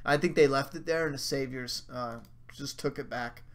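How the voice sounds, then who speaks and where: A man's voice: mid-range voice, fairly even intonation, normal speed, a bit bright. A man hosting a casual livestream, ranting with heavy swearing and mocking asides while he answers viewer chat. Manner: profane, heated rants with mocking asides.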